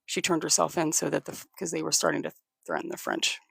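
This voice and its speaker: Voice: medium pitch, very animated, fast talker, vocal fry, fairly bright tone, husky, no room sound, studio quality. A livestream host telling a history story in a casual way, often stopping to repeat or restart words and to thank viewers.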